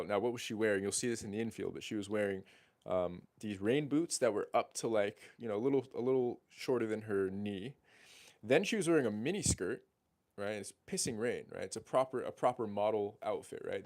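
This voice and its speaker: A man in his twenties, a dating coach, telling a story in animated, casual speech full of swearing and restarts. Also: on the low side. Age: 20s.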